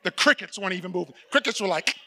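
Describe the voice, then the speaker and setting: High, lively, gravelly male preacher. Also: very fast. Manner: storytelling preacher acting out dialogue, shouting for emphasis. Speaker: pastor. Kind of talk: sermon.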